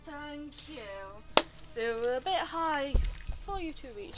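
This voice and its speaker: A woman's voice: a little high, a little slow, faint music behind. A woman streaming a game, chatting casually in a gushing, rambling way. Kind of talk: casual live-stream chat over gameplay.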